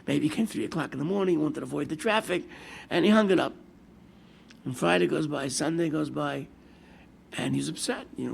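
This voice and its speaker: Brief: older New rabbi, gravelly and a bit high, storytelling sermon, faint hiss behind. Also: male voice, a little fast. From United States. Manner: storytelling with lively quoted asides, mixing Hebrew and Yiddish terms. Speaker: rabbi giving a Torah class.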